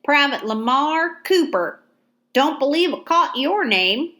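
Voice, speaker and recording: A woman's voice: sits high, expressive, slow pace, bright, forceful tone, pitched above the performer's own voice, heavily acted. A woman reading an audiobook, voicing a polite young male Confederate soldier with a dense, twangy North Georgia accent. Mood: friendly. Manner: polite, folksy. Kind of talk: audiobook character voice.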